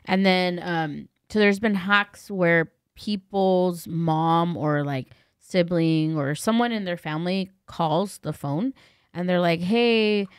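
A woman's voice: lowish voice, slow pace, clear, resonant tone, no room sound, studio quality. A woman co-hosting a podcast, telling a story in casual chat with many fillers and quoted voices. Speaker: podcast co-host.

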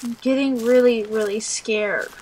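A woman's voice: fairly high pitch, fairly even intonation, a little slow, a little mellow, a little hiss or hum, low-quality recording. A young woman giving horror game commentary as a let's play gamer, nervous and jumpy, talking to herself and shrieking at scares. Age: young adult.

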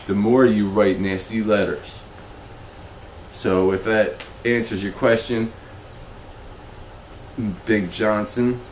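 A man hosting a comedic fish show, talking in an awkward, rambling, deadpan way. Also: echoey room, slight background noise, low-quality recording. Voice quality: slow, awkward, rambling delivery that becomes emotional and high-pitched. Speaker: comedy web show host.

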